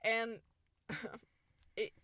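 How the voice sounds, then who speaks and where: A woman's voice: drawn-out words, slight background noise. A young woman in her twenties co-hosting a casual chat, telling a story and acting out the people in it. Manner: animated, acts out quoted people with laughs. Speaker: podcast co-host.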